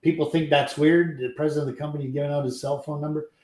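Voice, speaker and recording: A man's voice: a little high, steady tone, fast talker, darkish tone, roomy sound. A friendly, talkative man from Canada, a company president speaking as a podcast guest, who laughs easily. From French Canada. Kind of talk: casual chat.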